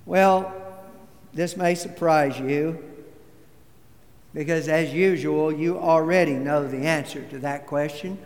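A pastor delivers a sermon in a measured, deliberate manner, his voice sitting high for a man. He takes his time, letting each phrase land. A long reverb fills the sanctuary around him. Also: a little mellow. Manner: measured, deliberate preaching with storytelling. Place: church sanctuary.

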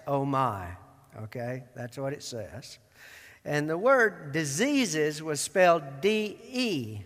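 A pastor preaching slowly and deliberately, in a fairly high, folksy voice. His words ring out with the long reverb of a large hall. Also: fairly bright tone. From Georgia, US. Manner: folksy and self-deprecating, acts out film lines. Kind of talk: sermon.

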